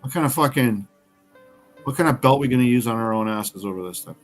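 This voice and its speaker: A man's voice: mid-range voice, fast, faint music behind. Blunt, swearing man on a podcast. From Canada. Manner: blunt, heavy swearing, animated bursts. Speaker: podcast guest, veteran. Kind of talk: casual podcast conversation.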